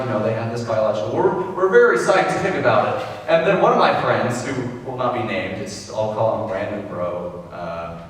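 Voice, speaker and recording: A young man from Texas performs a rambling, self-amused stand-up set on stage in a large hall before a live audience. His voice is medium-pitched, with a little hiss or hum, and the recording is echoey and taken from far off.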